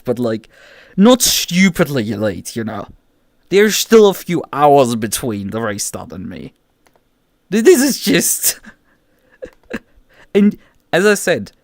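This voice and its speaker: A man's voice: fairly high pitch, no echo. A man streaming live, ranting in a casual, exasperated way, swearing often and stumbling over restarts. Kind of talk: casual livestream rant.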